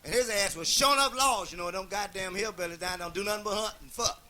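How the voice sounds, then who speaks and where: A man's voice: high voice, quick pace, pushed and bright, slight background noise. A man telling raunchy comic stories in a profane, folksy, laid-back way. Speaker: comedian.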